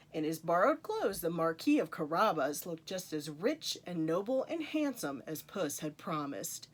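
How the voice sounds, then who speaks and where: Lively woman reading a children's story. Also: fairly low pitch. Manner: animated, playful asides to young listeners. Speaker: storytime reader. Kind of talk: reading a picture book aloud to children.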